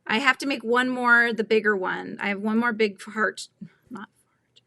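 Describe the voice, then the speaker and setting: A woman's voice: fairly high pitch, moderate pace, bright, forceful tone, no room sound, studio quality. A middle-aged woman hosting a crochet livestream, chatting casually, giggling and reading the chat aloud.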